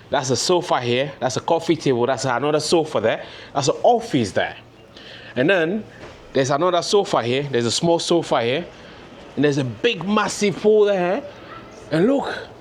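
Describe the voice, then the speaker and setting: A man's voice: mid-range voice, slight background noise. A man vlogging a hotel room tour, gushing and exclaiming as he shows each room. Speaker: travel vlogger. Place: hotel suite, indoors.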